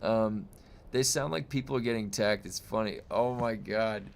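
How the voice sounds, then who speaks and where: Chatty rambling man streamer, low-ish voice. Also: moderate pace, vocal fry. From United States. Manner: rambling, chatty, with frequent fillers and restarts. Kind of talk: casual chat reading viewer comments.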